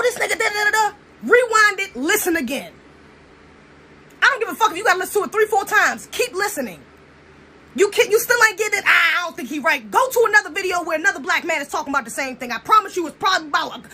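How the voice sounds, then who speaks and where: High, animated, blunt young woman. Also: slight background noise. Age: young adult. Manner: blunt, preachy, profane. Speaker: commentator. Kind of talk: casual monologue.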